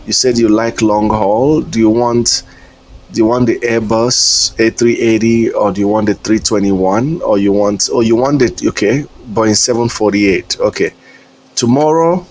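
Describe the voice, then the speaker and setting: A man's voice: fairly low pitch, darkish tone. A man streaming a flight simulator, chatting casually in a rambling, hesitant way and chuckling often. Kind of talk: casual live-stream chat.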